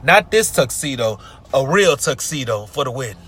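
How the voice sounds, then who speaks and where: A man, venting in a story time vlog, swinging between loud outbursts and low mutters, recorded in a car. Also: big pitch swings, moderate pace, breathy edge. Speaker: vlogger.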